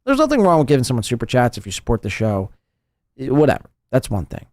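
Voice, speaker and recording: A man's voice: medium pitch, wildly swooping pitch, fast, a little mellow, dry recording, studio quality. A man hosting a live podcast, mocking and profane in casual commentary. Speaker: podcast host.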